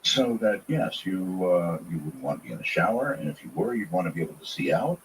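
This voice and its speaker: Low-voiced male radio host. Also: sing-song, brisk, a little hiss or hum, rough recording. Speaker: radio talk show host. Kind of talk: call-in radio talk.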